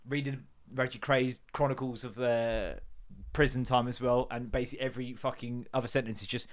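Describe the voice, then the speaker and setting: A man's voice: medium pitch, steady tone, a little fast. A man hosting a podcast, telling rambling, sweary stories with jokey put-on voices. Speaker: podcast host. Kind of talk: casual solo rant.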